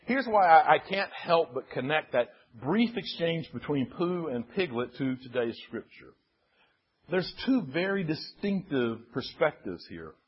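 An older male pastor giving a sermon in a measured, self-deprecating storytelling manner. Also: a little high, very animated, husky. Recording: dull lo-fi sermon recording.

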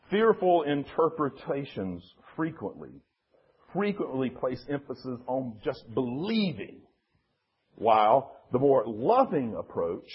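A man's voice: mid-range voice, breathy edge, dull audio. A man giving a sermon as a pastor, telling a story in an earnest, emphatic way.

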